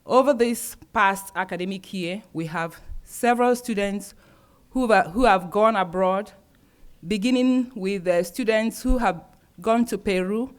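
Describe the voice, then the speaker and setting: A woman's voice: mid-range voice, unhurried. A woman who directs a university's global programs, formally presenting a ceremony with frequent hesitations. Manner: formal, with frequent ums and uhs. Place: university auditorium.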